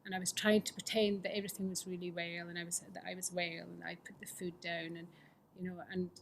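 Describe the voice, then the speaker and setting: A woman's voice: on the low side, level tone, fast talker, slight background noise. A middle-aged woman telling her own recovery story at a fellowship meeting, candid and self-mocking, often sinking into a whisper. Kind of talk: personal testimony talk.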